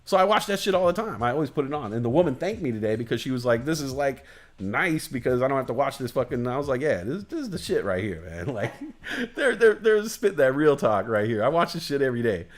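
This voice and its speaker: A man's voice: medium pitch, very animated, fast talker. A man hosting a livestream, ranting casually with heavy swearing, emphatic repetition and loose digressions. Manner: loose, digressive, chuckles at his own jokes. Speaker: livestream host. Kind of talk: casual rambling rant.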